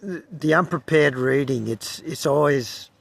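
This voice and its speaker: Slow, gravelly Australian man reading poems. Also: fairly high pitch, no echo. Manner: stumbles over words, wry asides. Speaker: poetry reader. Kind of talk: unrehearsed poetry reading with commentary.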